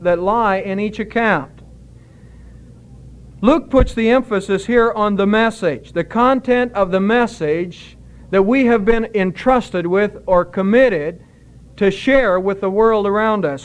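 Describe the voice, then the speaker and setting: High-pitched guy preaching, slow and deliberate, hits the key words hard. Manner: measured preaching, stresses key words, quotes scripture. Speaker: pastor. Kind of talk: sermon.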